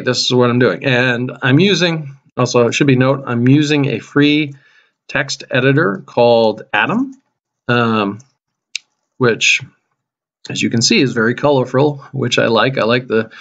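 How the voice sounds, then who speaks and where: A man who teaches high school math, casually narrating a screen-recorded web coding tutorial as he types, with a touch of dry sarcasm. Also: highs cut off. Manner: relaxed, self-narrating while typing, dry sarcasm.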